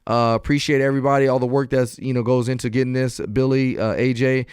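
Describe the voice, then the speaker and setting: A man's voice: mid-range voice, flat delivery, fast, a little mellow, clear, resonant tone, no echo, studio quality. A man hosting a podcast, speaking in an earnest, motivational, conversational way. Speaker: podcast host. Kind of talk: casual podcast chat.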